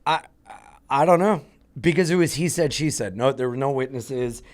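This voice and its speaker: A male comedian tells a story on a podcast in a loose, chatty way. He swears a lot and his voice jumps up as he gets into it. His pitch sits right in the middle for a man. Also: moderate pace. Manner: profane, animated anecdote telling. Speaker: comedian guest. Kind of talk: casual storytelling chat.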